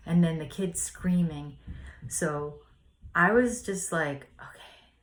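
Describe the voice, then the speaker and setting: A woman's voice: fairly low pitch, slow. A woman hosting a spiritual podcast, reading a lesson and then telling a personal story in an earnest, rambling way full of "like" fillers. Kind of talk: casual spiritual reflection and storytelling.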